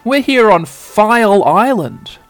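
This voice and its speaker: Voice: medium pitch, animated, slow pace, no room sound, soft background music, voice pushed up. A storyteller voicing a small, friendly blob creature in a raised, cheerful voice.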